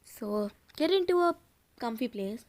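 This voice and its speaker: A woman's voice: a little high, animated, unhurried, a little mellow. Woman reading a spooky story aloud. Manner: suspenseful, addresses listeners directly. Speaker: audiobook narrator. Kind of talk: dramatic audiobook reading.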